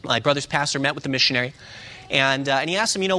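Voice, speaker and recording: A man preaching a sermon, telling a story in a halting way, with many filler sounds and restarts. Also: medium pitch, sharp tone.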